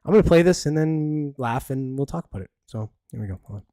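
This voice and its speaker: Rambling podcast host. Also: male voice, medium pitch, expressive, quick pace, mellow, dry recording, clean studio sound. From Canada. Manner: rambling, blunt, many fillers. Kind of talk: casual solo commentary.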